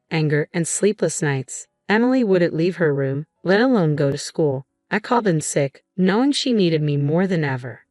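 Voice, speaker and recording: Low-voiced woman narrating a drama story. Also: a little mellow, dry recording, clean studio sound. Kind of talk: first-person story narration.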